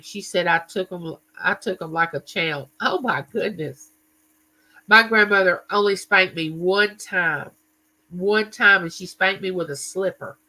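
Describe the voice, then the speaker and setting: A man's voice: sits high, pushed and bright, low-quality recording. A man hosting a casual live chat stream, telling stories and greeting viewers by name. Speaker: livestream host.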